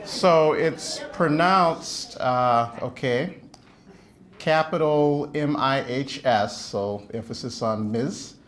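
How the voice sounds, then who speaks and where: With a mid-range voice and a slow delivery, a British man calls out words and definitions at a spelling bee while the crowd behind him is noisy. He pokes fun at his own accent, joking and apologizing.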